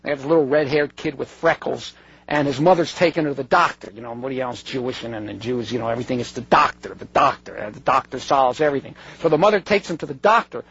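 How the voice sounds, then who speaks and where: A man talks to an audience in a high, husky voice with a gravelly edge. He is earnest and digressive, stopping mid-thought and looping back. The recording is dry and dull, with a lo-fi sound. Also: fairly bright tone, no echo. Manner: digressive, self-interrupting, earnest. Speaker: speaker addressing an audience. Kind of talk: conversational talk with read-out quotes.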